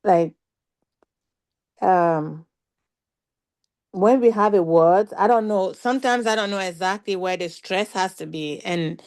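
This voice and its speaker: A woman's voice: mid-range voice, unhurried, pauses often, a little mellow, clear, resonant tone. Hesitant woman learner asking a question. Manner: hesitant, searching for words. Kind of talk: casual question to a teacher.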